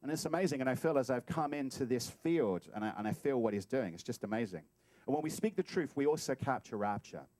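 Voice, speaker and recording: A man giving a sermon as a guest speaker, animated and playful, acting out little scenes as he talks. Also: mid-range voice, fast, dry recording. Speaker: guest speaker at a spiritual center. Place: talk hall.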